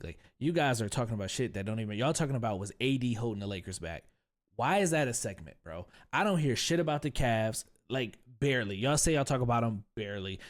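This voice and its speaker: A man's voice: mid-range voice, a little mellow. A man hosting a sports reaction vlog, ranting in a blunt, slangy and profane way that rambles between points. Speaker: sports commentary vlog host. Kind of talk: casual reaction rant.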